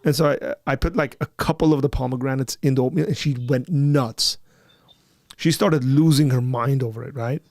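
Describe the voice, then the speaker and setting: Gravelly-voiced man hosting a call-in stream. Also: medium pitch, steady tone, moderate pace, darkish tone, dry recording, clean studio sound. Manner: joking, rambling with restarts. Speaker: livestream host. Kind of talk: casual call-in chat.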